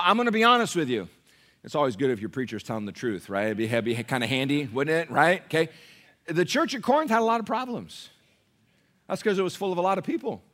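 A middle-aged American man preaching a sermon in a church, emphatic and joking, dropping to a hush and then rising loud. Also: sits high. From United States. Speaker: pastor.

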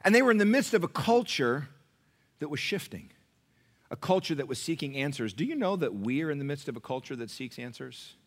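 A middle-aged American man preaching a sermon in a church, emphatic and joking, dropping to a hush and then rising loud. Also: on the high side, very animated, a little fast. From United States. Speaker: pastor.

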